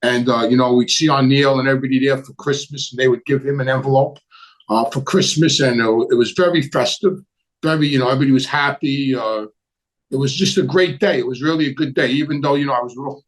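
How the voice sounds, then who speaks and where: A middle-aged man hosts a casual live stream from his home, where a Christmas tree stands, telling stories and fielding viewer questions. He's blunt and rambling, repeating words, with a medium-pitched voice on a rough recording.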